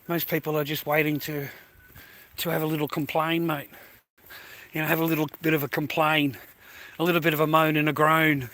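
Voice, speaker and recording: A man's voice: a little high, flat delivery, brisk, pauses often, sharp tone. Rambling, crude Australian man vlogging. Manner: rambling, crude and chatty, full of fillers like "mate" and "you know". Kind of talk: rambling casual vlog. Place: outdoors, walking through a neighbourhood.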